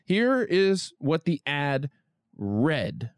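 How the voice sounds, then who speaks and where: Man, history podcast host, scripted narration, wry asides, very animated pitch, dry sound. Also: unhurried, no room sound. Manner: lively storytelling with wry asides.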